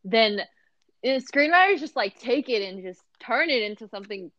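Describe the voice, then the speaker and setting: A woman's voice: a little high, lively intonation, moderate pace, fairly bright tone, dry recording. A woman in casual chat about a movie, giving wry, giggly commentary. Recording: dull, slightly lo-fi sound.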